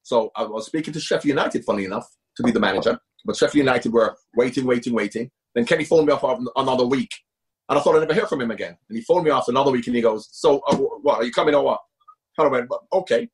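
A man speaking as a guest in a conversational interview, emphatic and animated, often repeating himself for stress. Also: medium pitch, racing, breathy edge. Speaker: guest, former footballer and coach.

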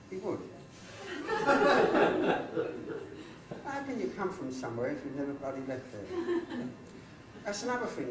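A man's voice: fairly high pitch, heavy background noise. An older man, a folk singer and comedian, telling rambling wry jokes in a live folk club set. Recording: roomy live club recording from a distance. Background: guitar playing.

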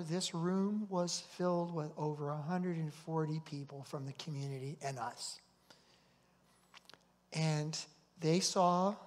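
A man's voice: a little high, a little mellow. A male pastor preaching a sermon to his congregation, earnest and anecdotal. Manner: storytelling, earnest, repeats himself. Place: church sanctuary. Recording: long hall reverb.

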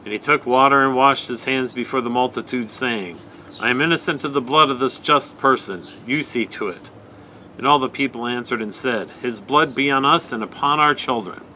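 A man leading a night prayer service, giving a measured, even scripture reading. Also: mid-range voice, slight background noise, low-quality recording.

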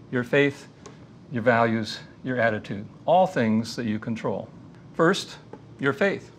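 A man giving a faith-based lecture in an earnest, measured teaching manner, weaving in stories. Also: a little high, a little hiss or hum.

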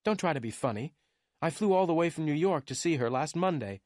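A man reading the part of a cold, impatient young woman client, in a soft, low-key voice. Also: fairly quick, dry recording, studio quality, natural voice. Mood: irritated. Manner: curt and cool, quieter than the narration.

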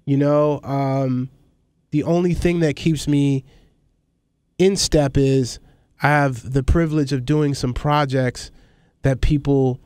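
A middle-aged man speaking candidly as an interview guest, his stories rambling and animated. His voice sits at an ordinary middle pitch, and the recording is dry and close, with no room sound. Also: takes it slowly, clear, resonant tone, no room sound. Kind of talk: conversational interview.

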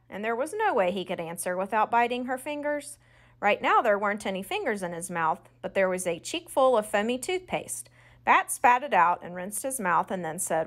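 A woman narrating a children's audiobook in a clear, expressive storytelling voice. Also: medium pitch, normal speed.

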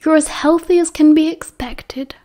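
Storybook: woman reading as an older British school nurse, slow, gentle, a touch higher. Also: steady tone, lightly acted. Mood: soothing.

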